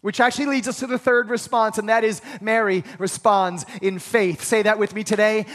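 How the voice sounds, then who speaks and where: A pastor preaching a sermon to a congregation, emphatic, leading them in call-and-response. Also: male voice, high-pitched, fairly even intonation, fairly quick, hardly any pauses, a bit bright. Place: large church sanctuary. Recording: long hall reverb.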